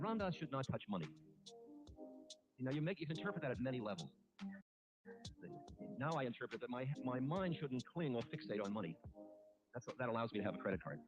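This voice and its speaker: A man who is a spiritual teacher tells a personal story in a halting, candid, self-mocking way, with many restarts. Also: mid-range voice. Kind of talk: reflective storytelling talk. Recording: muffled archive recording with music. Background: music playing underneath.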